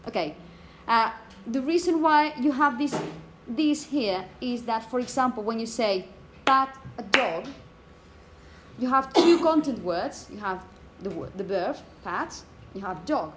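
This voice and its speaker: Higher-voiced woman teaching phonetics. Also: lively intonation, unhurried, fairly bright tone, slight background noise. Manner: explanatory, checks in with "okay?" and "yeah?"; demonstrates rhythm by chanting example phrases. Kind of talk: lecture to teachers.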